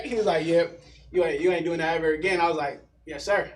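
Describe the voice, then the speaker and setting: Slight background noise sits under a high-pitched, fast-talking teenager from around Denver, USA, who laughs his way through casual, slang-heavy stories as a panel guest. The sound is roomy, as if he's well off the mic.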